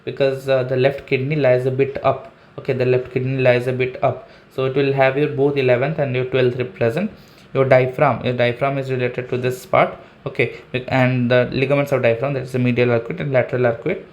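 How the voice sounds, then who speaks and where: An anatomy teacher with an Indian English accent gives an online lecture, explaining step by step, pointing at a diagram, and saying "okay" often. His medium-pitched, darkish voice has a flat delivery and moves a little fast, and the audio is dull.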